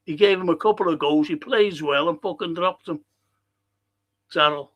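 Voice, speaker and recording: A man hosting a live football watchalong, reading chat messages aloud and answering them in a blunt, sweary, quick-tempered way. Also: fairly high pitch.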